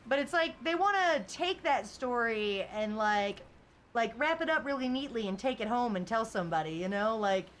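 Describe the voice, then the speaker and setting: A woman's voice: fairly high pitch, animated, moderate pace, fairly bright tone, slight background noise. Chatty laughing woman streamer. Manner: rambling and chatty, full of "like" and "you know", laughs often. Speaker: game streamer. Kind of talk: casual live-stream chat, reading viewer comments aloud.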